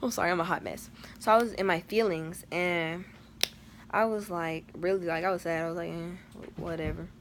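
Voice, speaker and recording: A woman's voice: fairly low pitch, brisk, background noise. A teenage girl telling a storytime vlog in a chatty, dramatic way, full of slang and fillers. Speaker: vlogger.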